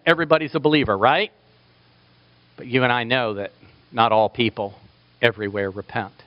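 A man's voice: medium pitch, a little fast, long pauses, dry recording, lo-fi sound. A man preaching a sermon with passion, building to emphatic peaks. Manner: impassioned, rising to emphatic peaks.

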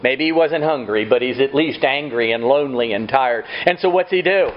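A man's voice: medium pitch, normal speed, dull audio. A man preaching a sermon, asking rhetorical questions and acting out quotes. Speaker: pastor.

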